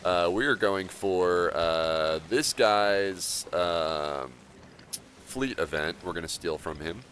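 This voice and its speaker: Deep-voiced laid-back male game streamer. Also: slow pace, fairly bright tone, a little hiss or hum. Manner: casual, rambling, laughs often. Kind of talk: live gameplay commentary and chat.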